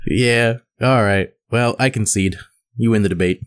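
A man's voice: medium pitch, measured pace, smooth. A young man in a casual comedic debate, talking in a dry, playful way.

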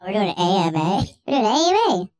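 A shrill, cocky little boy swaggers and brags in a swooping, sing-song voice. His pitch sits very high and jumps all over the place, mock-tough and full of himself. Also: sing-song, quick pace, a little mellow, clear, resonant tone. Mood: boastful. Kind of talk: comedic podcast bit.

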